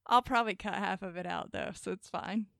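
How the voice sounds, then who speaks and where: A woman's voice: medium pitch, a little fast, creaky, a bit bright, no echo, clean studio sound. A young woman hosting a casual podcast chat, giggly and rambling with many fillers. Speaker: podcast host.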